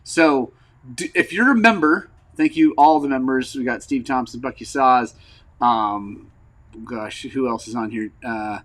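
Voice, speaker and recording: A man hosting a motorcycle channel in casual rambling vlog chat, frank and frustrated, with lots of fillers and throat clearing, recovering from an injury. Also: medium pitch, a little slow, fairly bright tone, low-quality recording. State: recovering from injury, wearing a brace.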